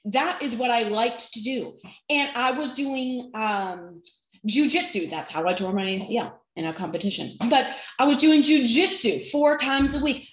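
A woman's voice: on the high side, roomy sound, rough recording. A woman fitness trainer giving an earnest, encouraging faith-based talk to camera, with self-deprecating asides.

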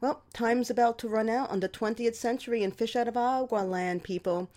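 Animated woman telling a funny radio story. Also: a little high, brisk. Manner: lively, sarcastic storytelling with animated quoted voices. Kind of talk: reading a personal memoir story on radio.

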